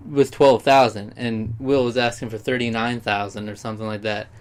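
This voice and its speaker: A man's voice: mid-range voice, flat delivery, normal speed. A young man talking in a casual, rambling vlog monologue, often sidetracking himself and speaking with heartfelt sincerity. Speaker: YouTuber.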